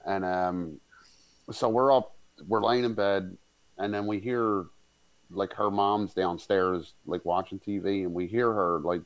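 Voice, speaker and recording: Casual male storyteller, lower pitch, loose and profane, lots of fillers. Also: fairly even intonation, unhurried. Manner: rambling, many fillers and crude swearing.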